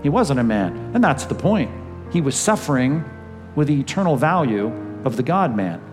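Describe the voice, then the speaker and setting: A man's voice: medium pitch, sing-song, moderate pace, in a large hall, music in the background. A man preaching a sermon as pastor, emphatic and full of rhetorical questions, acting out quoted lines.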